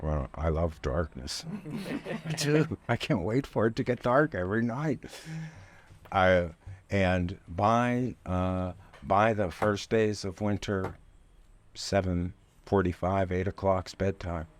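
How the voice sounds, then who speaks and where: A man's voice: low-pitched, slow pace. An older man, a barber, talking in a casual interview in his shop. He is an opinionated, rambling storyteller. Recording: noisy background.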